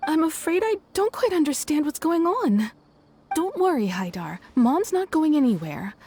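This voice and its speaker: A soft-spoken loving mother. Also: high voice, big pitch swings, normal speed, slight background noise. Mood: tender. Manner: soft-spoken, polite, tender. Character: gentle, loving wife and mother. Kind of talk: video game voice acting.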